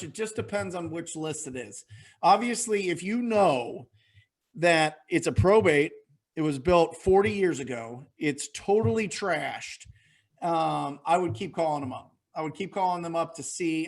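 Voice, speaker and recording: A man coaching real estate investors in a webinar Q&A, energetic and motivational, often repeating phrases for emphasis. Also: high voice. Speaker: real estate wholesaling mentor, webinar guest.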